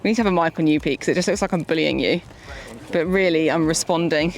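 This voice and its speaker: A woman's voice: sits low, quick pace. A woman trades playful, teasing banter outdoors at a horse event. Her voice reaches the camera mic from a short distance away. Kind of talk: casual banter.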